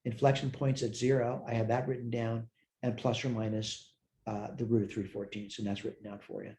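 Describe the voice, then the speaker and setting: A man's voice: mid-range voice, little pitch movement, a little fast, mellow, a little hiss or hum. A tired man teaching a recorded math lecture, thinking aloud as he works problems, correcting himself and answering his own questions. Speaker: math instructor.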